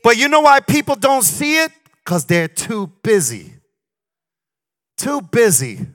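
A pastor delivers a lively sermon with his voice swinging wide, shouting at the peaks and dropping into mocking asides. His voice sits very high and sounds bright and sharp. The sound is dry and close. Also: moderate pace, no room sound.

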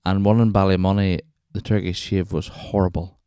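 Deep-voiced Northern Irish man rambling. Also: flat delivery, normal speed, mellow, smooth, dry recording, clean studio sound. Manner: rambling, chatty, self-interrupting with wee asides. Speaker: podcast host. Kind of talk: casual solo storytelling.

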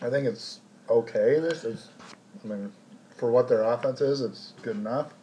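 A man's voice: mid-range voice, moderate pace, mellow, highs cut off. A man co-hosting a sports podcast, chatting casually and ranting with plenty of swearing. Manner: profane, ranting, sarcastic. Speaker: podcast co-host.

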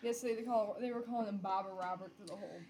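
A woman with a Western New York accent co-hosting a podcast, chiming in with wry quick remarks in casual chat. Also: medium pitch, noisy background. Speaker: podcast co-host.

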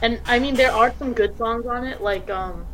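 Higher-voiced laid-back woman guest. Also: fairly bright tone, slight background noise, poor audio. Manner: laid-back, teasing, quick to laugh. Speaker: returning podcast guest. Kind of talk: casual chat.

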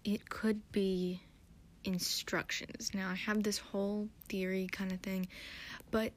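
A woman's voice: mid-range voice, flat delivery, slow pace. Rambling, tired-sounding woman podcaster. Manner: rambling, hesitant, self-deprecating. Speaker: podcast host. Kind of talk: casual episode recap.

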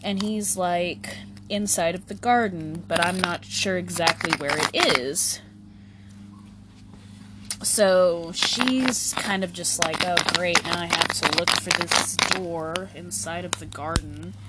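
Give me a laid-back woman host with a slightly low voice, chatting slowly and casually, slangy and full of fillers. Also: very noisy. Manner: slangy, swears, many "like" fillers. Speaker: podcast host. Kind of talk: casual storytelling.

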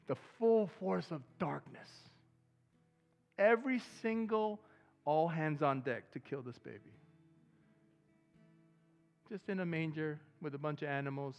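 A man preaching a sermon as pastor, talking to the congregation in a relaxed way and breaking into loud excited bursts. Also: a little high, unhurried, gravelly, pauses often, dull audio, soft background music.

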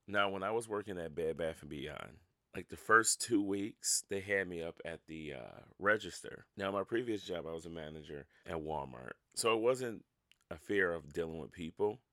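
A man's voice: sits low, lively intonation, normal speed, sharp tone, no echo, studio quality. A man hosting a casual solo podcast, rambling and self-mocking, laughing at his own stories. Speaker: podcast host.

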